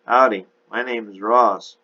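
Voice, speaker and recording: A man voicing a friendly older gentleman with a Texas drawl, in a dull lo-fi recording. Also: fairly low pitch, fairly even intonation, unhurried, full character voice. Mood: genial. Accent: Texan. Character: short older Texan gentleman in a suit, smooth and friendly.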